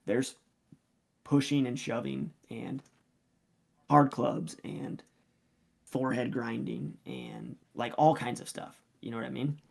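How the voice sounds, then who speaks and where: Wrestling coach guy on a podcast, chatty, lots of ums, acts out the quotes, average pitch. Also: slow, gravelly, pauses often. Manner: animated storyteller, acts out quoted lines, many fillers. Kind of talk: casual podcast storytelling.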